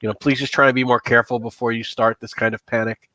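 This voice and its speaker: A man playing a brisk, stern watchman. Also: mid-range voice, level tone, bright, forceful tone, no echo, close to an everyday voice. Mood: lecturing. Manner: brisk, lecturing.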